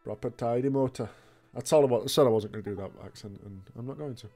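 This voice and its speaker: A man's voice: on the low side, racing, warm tone, faint music behind. A man hosting a let's play, commenting on a video game with frequent laughs, swearing and joking asides. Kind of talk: gameplay commentary.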